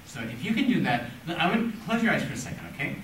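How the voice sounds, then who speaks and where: A man's voice: a little high, sing-song, fast talker, distant mic, over loud music. Encouraging man coaching violin in an echoey room. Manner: encouraging, patient, asks questions. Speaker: violin teacher giving a critique. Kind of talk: gentle coaching of a child. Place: conservatory room with violin playing.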